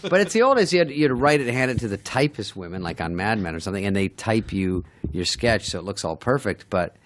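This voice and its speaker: A man's voice: lowish voice, expressive, fast. Dry, wry middle-aged male comedian. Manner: dry, wry, self-deprecating. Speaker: guest comedian. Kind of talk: casual storytelling with acted quotes.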